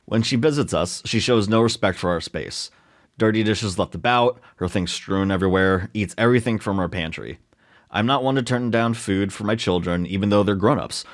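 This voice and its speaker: A young man with a fairly low voice co-hosts a casual podcast. He reads online posts aloud and banters, often tripping over his words. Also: normal speed. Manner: joking, stumbles over words. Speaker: podcast co-host reading stories.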